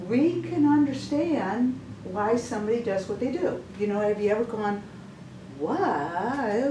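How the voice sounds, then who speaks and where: Lady telling a church testimony, lots of restarts, echoey room, far from the mic, noisy. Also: mid-range voice. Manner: chatty, stumbling restarts, laughs often. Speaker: women's session speaker. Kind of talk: informal testimony talk. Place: church hall.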